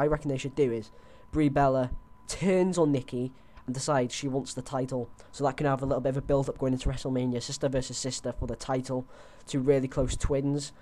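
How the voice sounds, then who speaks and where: A man's voice: mid-range voice, steady tone, fast talker, few pauses, dark tone. A young man on a headset, chatting loosely through his predictions with lots of fillers and restarts. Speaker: host. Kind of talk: casual wrestling predictions chat.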